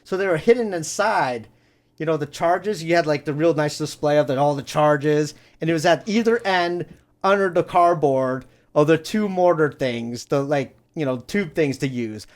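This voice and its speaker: A man's voice: on the high side, moderate pace. A man hosting a podcast, telling a story casually and rambling, full of "you know" and swearing. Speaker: podcast host.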